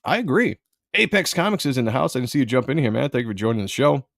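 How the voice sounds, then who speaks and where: Guy hosting a live stream, gravelly, voice jumps all over, blunt and sarcastic, dry sound. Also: medium pitch, lively intonation, rapid-fire, a bit bright, dry recording. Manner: blunt, sarcastic, reads chat aloud. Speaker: live show host. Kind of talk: casual live-stream commentary.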